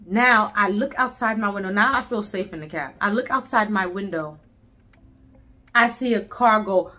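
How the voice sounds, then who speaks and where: A woman tells her story in a lively, emphatic, cursing style. Her voice sits high and sounds bright and forceful, with faint music underneath. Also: normal speed. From Brooklyn, New York. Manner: animated, profane, emphatic. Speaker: storyteller vlogger. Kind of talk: casual storytime.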